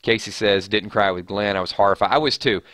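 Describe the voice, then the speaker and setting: A man's voice: fairly low pitch, fast, a bit bright, dry recording, studio quality. A man hosting a live stream, chatting casually and reading viewer comments aloud with frequent restarts.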